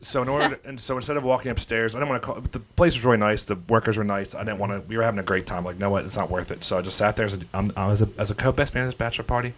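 A man's voice: fairly low pitch, steady tone, racing, hardly any pauses, fairly bright tone, slight background noise. A man, a comedian telling a crude, rambling story in casual chat and laughing as he goes. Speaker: comedian, podcast guest.

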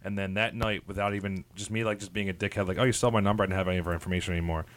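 A man's voice: deep voice, steady tone, very fast. A young man, podcast co-host, telling a rambling, boastful story in casual chat and laughing at his own jokes.

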